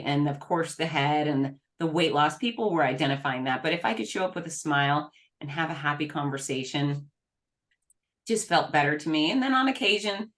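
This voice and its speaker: A middle-aged woman speaking as an interview guest, earnest and emphatic with frequent quick restarts. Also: deep voice, fairly bright tone. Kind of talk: candid interview talk.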